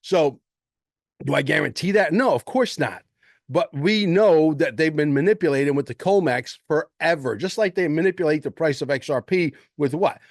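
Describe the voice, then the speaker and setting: A man's voice: on the high side, lively intonation, normal speed, no echo, studio quality. An older man hosting his own show, talking casually in a rambling, emphatic way and repeating words for stress. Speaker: host and precious metals dealer. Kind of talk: casual livestream talk.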